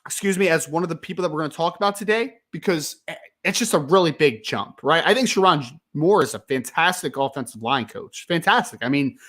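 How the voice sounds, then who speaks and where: A man hosting a live sports talk stream, ranting with frustration and emphasis, apologizing and calming down, then reading viewer questions. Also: fairly high pitch, fairly quick. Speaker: sports podcast host.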